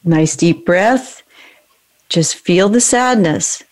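A woman coaching someone through an emotional exercise, giving calm, directive prompts. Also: medium pitch, takes it slowly. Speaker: emotional brain training coach. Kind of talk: guided coaching session.

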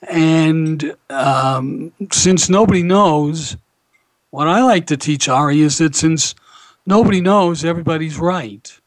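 A man hosting a radio talk show as a rabbi, telling anecdotes in a relaxed storytelling way. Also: fairly high pitch, slow, no echo. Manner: warm anecdotal storyteller, animated when quoting others.

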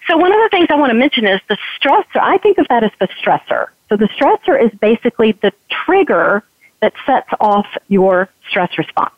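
An earnest woman with a fairly high voice explains ideas patiently, like a teacher. She is heard over a narrow, tinny phone line. The sound is dry and close, with no room around it. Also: sing-song, moderate pace, no room sound. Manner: earnest, teaching, acts out her own inner thoughts. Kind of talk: podcast conversation, explaining with examples.

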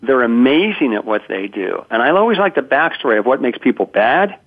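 A man's voice: mid-range voice, sing-song, fairly quick. A man in his fifties, a guest telling stories in an interview, acting out quotes with frequent stammered restarts. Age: 50s. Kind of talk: conversational interview. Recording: tinny phone line.

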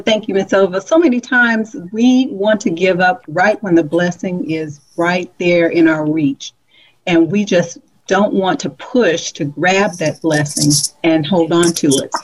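Woman guest, low voice, heartfelt and measured, dull lo-fi audio. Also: darkish tone. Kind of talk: reflective interview answer. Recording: dull lo-fi line.

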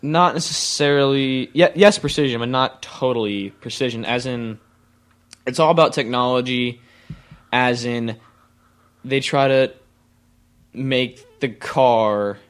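A man's voice: medium pitch, unhurried, pauses often, clear, resonant tone. A man co-hosting a casual podcast chat, speaking into a close mic. He is pushy with his partner and rambles, often stumbling and restarting his sentences as he thinks aloud. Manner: rambling, pushy, restarts and stutters when excited. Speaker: podcast co-host.

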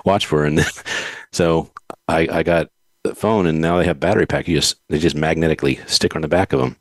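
Deep-voiced man telling rambling stories. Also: fairly even intonation, brisk, dry recording. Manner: rambling storyteller, laughs often. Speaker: podcast host. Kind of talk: casual chat.

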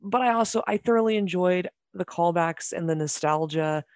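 Excitable gushing podcast guest, dry sound. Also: medium pitch, clear, resonant tone, no echo. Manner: excitable, gushing, quick bursts with laughs. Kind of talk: casual chat.

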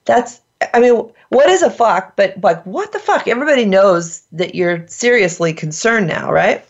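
A woman hosts a casual podcast in a middle-pitched voice, playful and emphatic, quick to laugh. The recording sounds dull and lo-fi. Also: animated. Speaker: host.

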